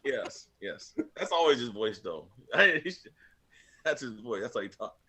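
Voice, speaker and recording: Animated, bright-voiced storytelling man. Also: measured pace, husky. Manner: animated storyteller, acts out others in high squeaky voices, swears freely. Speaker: podcast panelist. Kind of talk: casual chat.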